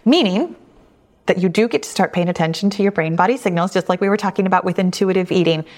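A woman's voice: lowish voice, fast talker. A middle-aged woman hosting a weight loss podcast, answering listener questions in a reassuring, conversational way. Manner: warm, reassuring, conversational with frequent restatements.

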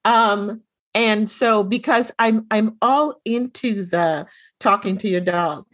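A middle-aged woman co-hosting a casual chat, telling a lively story and acting out the dialogue. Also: mid-range voice, takes it slowly. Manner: animated storyteller, acts out quoted dialogue.

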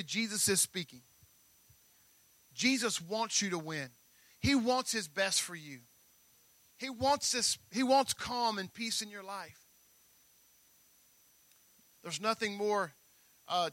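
High, bright-voiced preaching man. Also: no room sound. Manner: emphatic preaching with repeated phrases. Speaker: pastor. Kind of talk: sermon.

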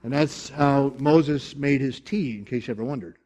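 A man preaching a sermon to his congregation, animated, with emphatic bursts and jokey asides. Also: mid-range voice, moderate pace. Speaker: pastor.

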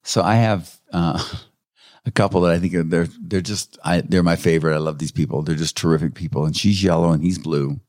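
Deep-voiced male counselor telling stories. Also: a little fast, dry recording, clean studio sound. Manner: animated, tells client anecdotes with chuckles. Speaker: counselor who works with clients. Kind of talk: conversational interview storytelling.

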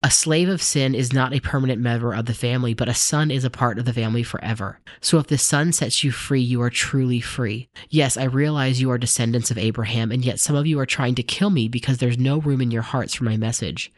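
A man voicing a calm, authoritative male teacher, in a steady, earnest scripture reading. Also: mid-range voice, a little fast, few pauses, dry recording, clean studio sound, lightly acted.

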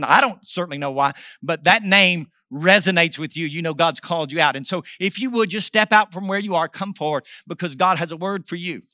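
A middle-aged man, a pastor, preaching a sermon and telling a story, swinging from loud exhortation to hushed asides. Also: sits high, dry recording, clean studio sound.

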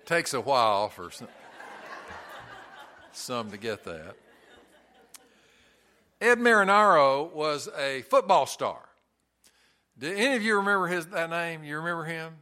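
A man's voice: fairly high pitch, very animated, unhurried, long pauses, sharp tone. A man preaching a sermon in a church, earnest and folksy, telling stories with touches of humor. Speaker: pastor.

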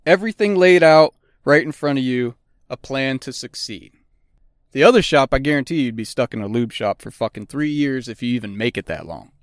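A man's voice: medium pitch, animated, fairly quick, no echo, studio quality. A middle-aged man hosting a podcast, talking bluntly and swearing constantly in a casual monologue. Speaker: podcast host; auto technician.

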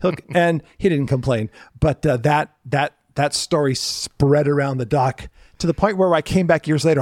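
A middle-aged man with a fairly high voice chats on a podcast, telling lively stories and slipping into the voices of the people he describes. The recording is close and dry, with no room sound. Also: moderate pace, few pauses, no echo. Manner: animated storyteller, acts out quoted people. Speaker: podcast co-host. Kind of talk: casual chat.

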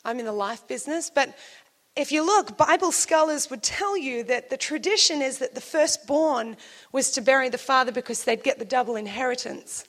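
High-voiced woman preaching with animated storytelling. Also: moderate pace. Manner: animated storytelling, acting out quoted speakers. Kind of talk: sermon.

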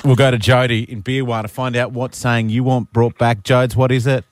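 A man's voice: mid-range voice, level tone, moderate pace, dry recording, clean studio sound. A man in his thirties with an Australian accent, co-hosting a radio show in jokey banter with stumbling restarts. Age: 30s. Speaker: radio co-host. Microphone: studio microphone.

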